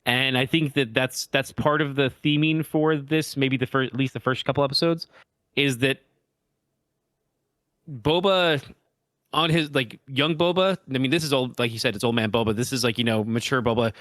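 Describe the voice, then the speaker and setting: A man's voice: medium pitch, normal speed, a bit bright, dry recording. A man co-hosting a podcast, working through his thoughts in a casual, searching way. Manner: thoughtful, searching for words, many fillers. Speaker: podcast co-host. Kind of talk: casual chat.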